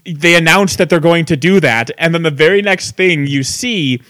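A man's voice: a little high, normal speed, bright, forceful tone, no echo, clean studio sound. A man co-hosting a casual chat show, talking loosely with profanity and frequent laughter. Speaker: podcast co-host.

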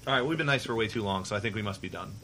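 A man's voice: fairly low pitch, very fast, a crowd in the background. A man in casual chat with gaming friends, teasing and matter-of-fact.

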